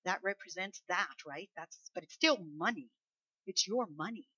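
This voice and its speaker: A woman's voice: on the low side, expressive, moderate pace, bright, forceful tone, breathy edge, no echo. A woman preacher giving a sermon, talking emphatically and conversationally and asking the congregation rhetorical questions. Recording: dull lo-fi recording.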